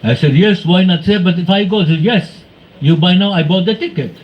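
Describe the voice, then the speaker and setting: A man's voice: high voice, fairly quick. Man telling devotional stories. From Venezuela. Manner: animated storytelling, acting out quoted exchanges. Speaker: devotee speaker. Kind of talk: devotional talk with anecdotes. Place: temple hall. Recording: muffled, with faint background noise.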